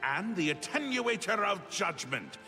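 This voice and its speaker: Sheogorath, a capricious mad god. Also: male voice, high-pitched, big pitch swings, a little slow, sharp tone, soft background music, exaggerated voice. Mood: manic, capricious. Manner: wild swings from chirpy to menacing, theatrical. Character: erratic mad god, prince of madness, whimsical and menacing. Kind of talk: video game voice acting. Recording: game audio with long reverb.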